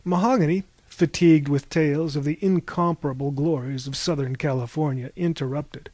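A man narrating a novel as an audiobook in a measured, wry storytelling manner. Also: fairly high pitch, steady tone, darkish tone, no room sound.

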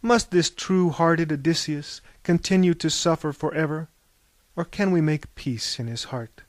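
A man's voice: a little high, unhurried, no room sound, lightly acted. A man reading a storybook, voicing a goddess who pleads earnestly with her father. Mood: pleading. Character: pleading wise goddess daughter.

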